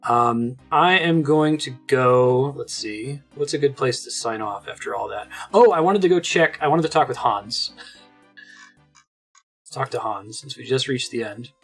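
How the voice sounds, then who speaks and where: A man's voice: medium pitch, expressive, measured pace, fairly bright tone, husky, faint music behind. Chatty, upbeat man commenting on gameplay. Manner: chatty and enthusiastic, many fillers like "like". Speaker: let's play host.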